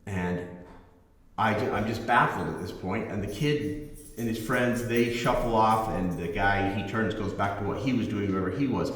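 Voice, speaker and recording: A man's voice: lowish voice, normal speed. A middle-aged man, a musician hosting his own channel, tells a rambling gig anecdote in casual chat, restarting phrases and acting out the voices in his quotes. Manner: rambling, self-correcting anecdote with acted quotes. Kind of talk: casual storytelling to camera. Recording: very echoey room with long reverb.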